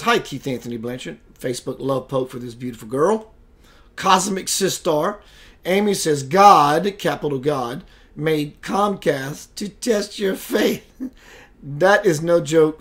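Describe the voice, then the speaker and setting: A man's voice: on the high side, measured pace, fairly bright tone. A man hosting a spiritual web radio show, chatting casually and playfully, greeting viewers by name and laughing often. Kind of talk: casual livestream chat.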